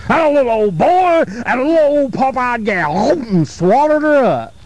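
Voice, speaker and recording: A man telling a repetitive folk tale around a campfire outdoors, in a folksy, drawn-out way. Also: very high-pitched, big pitch swings, no echo, poor audio. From North Carolina. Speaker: storyteller.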